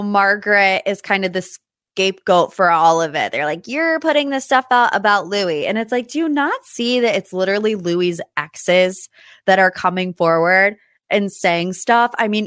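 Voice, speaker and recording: A woman hosting a podcast, recapping reality TV in a chatty, animated way and slipping into impressions. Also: mid-range voice, no room sound, studio quality. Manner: chatty, animated, does impressions of cast members. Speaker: podcast host. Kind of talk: casual recap monologue.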